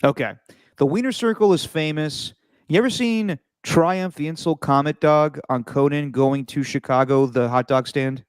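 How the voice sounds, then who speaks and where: A man hosting a podcast, telling a travel story in a casual, animated way with frequent restarts. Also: fairly high pitch, normal speed, smooth, no room sound. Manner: animated, repeats words and restarts while telling stories. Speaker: podcast host.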